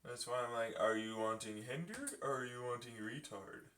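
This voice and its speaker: A man rants in a profane, sarcastic, mocking way, his bright voice swinging widely in pitch. He talks slowly and is recorded from some distance in an echoey room. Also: expressive, a little hiss or hum. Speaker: vlogger. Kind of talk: casual ranting to camera. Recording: echoey room, far from the mic.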